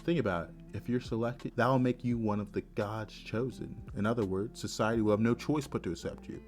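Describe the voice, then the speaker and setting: A man's voice: fairly low pitch, a little fast, darkish tone, soft background music, natural voice. A man voicing a scheming, arrogant male mage villain who speaks in a smug, threatening, bargaining way.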